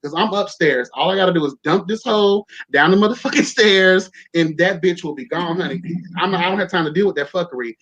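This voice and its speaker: A man's voice: high voice, a little fast, few pauses, fairly bright tone. Sassy, profane young man telling a story. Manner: campy, sassy, profane, peppered with "child" and "honey". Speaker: podcast host. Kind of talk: casual storytelling chat. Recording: dull lo-fi sound.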